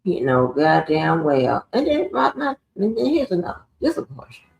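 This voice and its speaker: A woman's voice: sits low, sing-song, moderate pace, creaky, darkish tone, highs cut off, slight background noise. A woman hosting a live stream, ranting in a profane, confrontational monologue. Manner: profane, confrontational, swears heavily. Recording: roomy echoey room.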